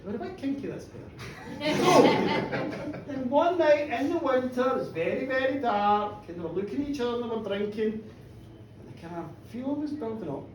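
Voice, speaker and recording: A woman telling a comic horror tale live in a pub, animated and playful, with asides to the audience. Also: on the high side, normal speed, noisy background. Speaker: storyteller. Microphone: room recording from a distance. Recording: echoey pub, heard from far off.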